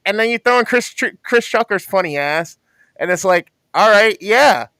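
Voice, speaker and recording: A man's voice: high-pitched, lively intonation, normal speed, sharp tone, dry recording. A man co-hosting a casual movie review chat, laid-back and slangy. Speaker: podcast co-host.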